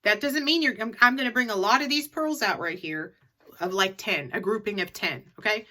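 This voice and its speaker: A woman's voice: medium pitch, a little fast, sharp tone, a little hiss or hum. A middle-aged woman in a casual advice vlog, chatty and repeating her key tips for emphasis. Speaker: reseller vlogger.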